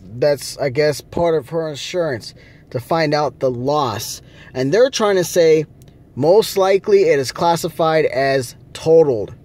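Angry profane man ranting slowly. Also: on the high side, darkish tone. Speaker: vlogger. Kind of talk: casual vlog rant.

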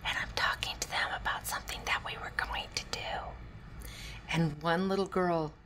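A woman hosting a solo podcast and talking through parenting advice. She is a former teacher, and she moves between hushed asides and bursts of laughter. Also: lowish voice, normal speed, whispered. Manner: animated, drops to hushed tones and laughs while telling stories. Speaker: podcast host.

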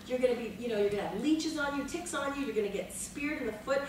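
Animated woman telling wild set stories. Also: high voice, fast. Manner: lively, dramatic, laughing, swearing freely. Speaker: actress panel guest. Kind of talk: animated anecdotal storytelling. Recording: echoey room, mic far off, noisy.

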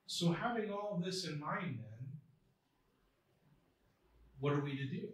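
A man's voice: fairly high pitch, animated, slow pace. A man preaching a sermon as pastor, reading scripture aloud with earnest emphasis. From United States. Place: church sanctuary. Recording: echoey church hall from far off.

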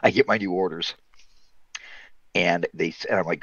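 A man's voice: deep voice, fairly even intonation, a little fast, a bit bright, husky, dry recording, highs cut off. A middle-aged man, an Army veteran guest, telling stories in casual chat with wry humor and free swearing. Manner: wry, swears freely, laughs through stories.

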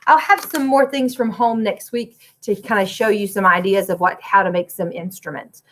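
A woman's voice: mid-range voice, moderate pace. A woman music teacher, recording a lesson for young children from her classroom, clapping and chanting rhythms and breaking into short sung lines.

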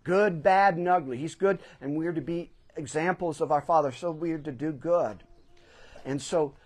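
A man's voice: on the high side, moderate pace, a little mellow. A middle-aged man, a pastor, preaching a sermon in a church sanctuary, telling a personal story and pressing hard on key phrases.

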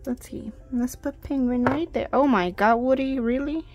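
A woman's voice: high voice, moderate pace, darkish tone, dull audio, slight background noise. A woman hosting a toy unboxing video, chatty and giggly, exclaiming over tiny toys. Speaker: toy review host. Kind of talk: casual unboxing chat.

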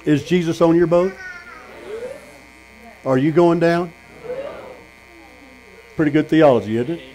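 A man's voice: a little high, measured pace, dark tone, poor audio. A man preaching a sermon at a tent meeting, telling stories and putting questions to the congregation. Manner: storytelling, asks the congregation questions.

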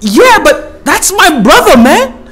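A man's voice: very animated, slow pace, fairly bright tone, exaggerated voice. A man voicing a furious young male gazelle who curses at the killer of his brother. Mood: outraged. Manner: outraged, cursing, shrill.

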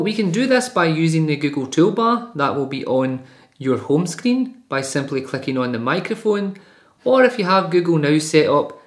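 A man presenting a phone tutorial, calmly walking through each step. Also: on the high side. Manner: plain, instructive, walks through each step. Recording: echoey room.

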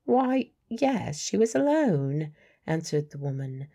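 A woman's voice: low-pitched, sing-song, slow, warm tone, breathy edge, exaggerated voice. A woman playing a blunt working-class medium. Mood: guarded.

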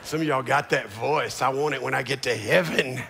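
A man preaching a sermon as a church's founding pastor on a large stage, swinging from low murmurs to shouted declarations. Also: normal speed, gravelly, big-room sound, slight background noise.

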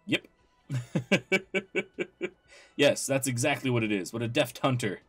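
A man's voice: medium pitch, lively intonation, slow pace, breathy edge, faint music behind. A man hosting a let's play, commenting casually and with amusement as he reads dialogue aloud.

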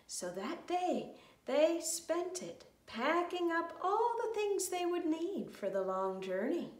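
Woman, storyteller, high voice, slow children's story reading, roomy, distant mic. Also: sing-song. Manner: slow, gentle storytelling with sung refrains.

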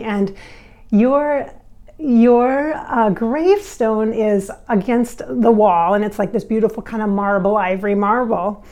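A woman's voice: a little high, a little mellow. Effusive, giggly woman channeler. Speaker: channeler and vlog host. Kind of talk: casual spiritual vlog talk.

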